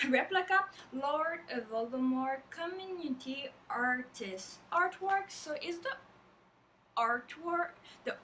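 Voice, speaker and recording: A young woman with a French accent chatters excitedly through an unboxing, her voice high and bright. She stands a little back from the microphone, with a faint hiss in the recording. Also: far from the mic, rough recording. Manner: gushing, excitable, lots of fillers. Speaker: vlogger. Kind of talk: casual unboxing vlog.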